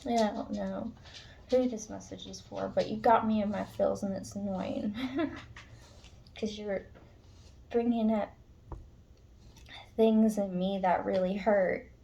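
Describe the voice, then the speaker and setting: A woman's voice: mid-range voice, steady tone, takes it slowly, vocal fry, pauses often, mellow, lo-fi sound, slight background noise. A woman tarot reader speaking casually and emotionally to her viewers, frank and earnest, swearing now and then. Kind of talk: casual spiritual pep talk to viewers.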